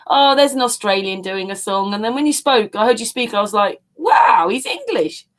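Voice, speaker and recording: A woman's voice: medium pitch, lively intonation, moderate pace. A woman on a casual panel, asking the guest chatty, curious questions.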